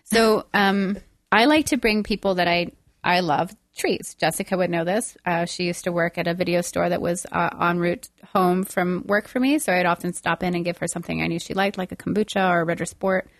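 A woman's voice: lowish voice, fairly even intonation, fairly quick, no room sound, studio quality. A woman co-hosting a casual podcast chat, telling stories with lots of fillers and feeling. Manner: chatty, emotional storytelling, many fillers. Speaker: podcast co-host.

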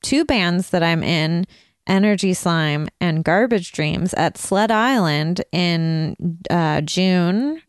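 A woman's voice: fairly low pitch, expressive, slow, smooth, no room sound, clean studio sound. A woman co-hosting a podcast, chatting casually and plugging her music with fillers. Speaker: podcast co-host. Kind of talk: casual chat.

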